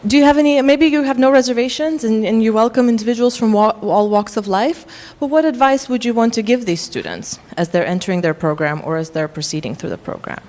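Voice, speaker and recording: A woman with a faint Russian accent presents a workshop to faculty, explaining at a measured pace with frequent ums. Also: on the high side, animated, darkish tone. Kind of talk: lecture to faculty.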